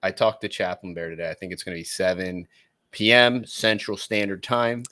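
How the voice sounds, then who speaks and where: Brief: middle-aged Texan man, Texan accent, folksy podcast co-host, deeper voice, dry close sound. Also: moderate pace, sharp tone, no room sound. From Texas. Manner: rambling, folksy, lots of fillers. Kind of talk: casual podcast chat.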